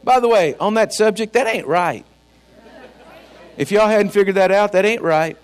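A man's voice: sits high, moderate pace. A man preaching a sermon as pastor, fiery and folksy, with joking asides. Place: church.

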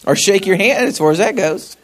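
Man preaching, folksy asides to the pews, higher voice that swings widely. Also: lively intonation, fairly quick. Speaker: pastor. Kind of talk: sermon.

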